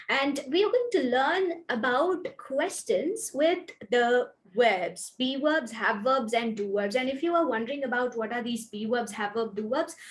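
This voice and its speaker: Woman teaching English grammar, fairly high voice. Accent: Indian English. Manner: clear, deliberate teaching with slowed example sentences. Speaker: English trainer. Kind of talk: online English grammar lesson.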